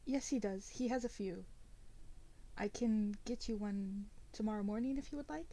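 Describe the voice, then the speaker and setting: A woman playing an exhausted young new mother who answers quickly and eagerly in a tabletop role-play. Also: mid-range voice, warm tone, natural voice, rough recording. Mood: dutiful.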